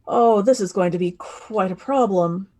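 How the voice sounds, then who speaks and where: A man's voice: high voice, measured pace, darkish tone. A man doing a poised, earnest elf. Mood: concerned. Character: poised, composed male elf adventurer.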